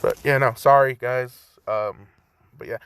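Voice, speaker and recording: A man's voice: mid-range voice, fairly even intonation, a little slow, a bit bright, clear, resonant tone, no echo, studio quality. A young man in his twenties casually rambling through a fan story retelling, profane and loose, full of fillers, at home by a cracked window.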